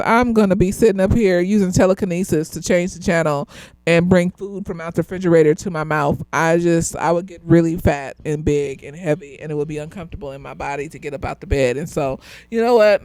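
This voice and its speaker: A woman's voice: fairly low pitch, quick pace, a little mellow, dry recording. A slightly tipsy woman, a therapist, giving a loose, rambling review of a TV show, swearing freely and laughing often.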